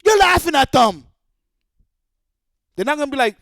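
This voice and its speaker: Male streamer, high pitch, dry close sound, angry profane rant. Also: very animated, moderate pace, vocal fry, long pauses, a bit bright, dry recording. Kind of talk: heated rant.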